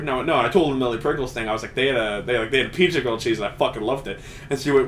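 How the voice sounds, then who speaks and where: A man's voice: mid-range voice, racing, a bit bright, a little hiss or hum. A young man co-hosting a casual podcast, rambling and swearing as he tells stories, often laughing through them. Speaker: podcast co-host.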